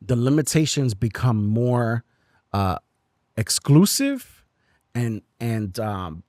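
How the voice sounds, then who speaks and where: A man hosting a candid faith conversation, reflective and thoughtful, pausing to find his words. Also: mid-range voice, very animated, darkish tone, no room sound, clean studio sound. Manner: reflective, thoughtful, with hesitant fillers. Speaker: podcast host.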